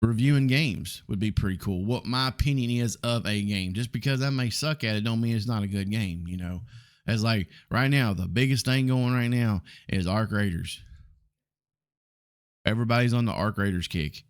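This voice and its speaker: A man's voice: lowish voice, normal speed. A man in his forties with a Southern US accent, hosting a casual solo podcast and talking in a rambling, blunt way with plenty of ums and the odd curse. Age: 40s. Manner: rambling, blunt, frequent ums and mild swearing. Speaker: podcast host.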